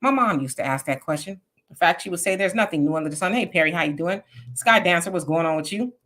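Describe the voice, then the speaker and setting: Woman, from California, bright tone, livestream host, casual chat, greets viewers by name. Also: fairly low pitch, lively intonation, quick pace.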